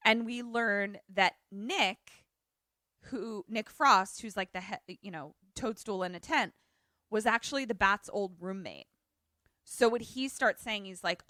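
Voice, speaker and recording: Young woman gushing through a movie plot on a podcast, bright voice, dry close mic, pops into silly character voices. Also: mid-range voice, no room sound. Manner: animated storyteller, acts out characters in quick voices. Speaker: podcast co-host. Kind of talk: casual chat retelling a film plot.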